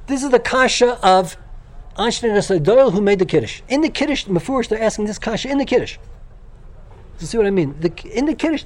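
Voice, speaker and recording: An older man teaching a Torah class, speaking with excited enthusiasm and frequently restarting and repeating his words. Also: sits high. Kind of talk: Torah lecture.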